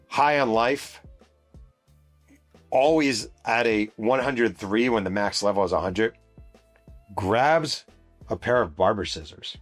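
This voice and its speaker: Lower-voiced man telling a story casually. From New York State, USA. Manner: casual, profane, vivid retelling with sound effects. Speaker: podcast host and author. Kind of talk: storytelling podcast monologue.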